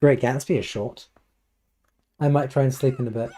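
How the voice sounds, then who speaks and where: Mellow, slightly hoarse British man streaming. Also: medium pitch, brisk, slight background noise. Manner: rambling, playful, chatty asides. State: a little hoarse. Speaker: livestreamer. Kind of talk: casual chat while gaming, answering live chat.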